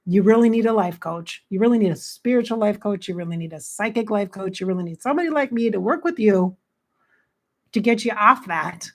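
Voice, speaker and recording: A blunt, plain-spoken woman giving casual life coaching straight to her audience. Her voice sits at an ordinary middle pitch. She talks in a chatty way and swears without hesitation. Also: fairly quick. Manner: frank, blunt, swears freely; chatty, quotes herself with "I'm like". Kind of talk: casual motivational talk to camera.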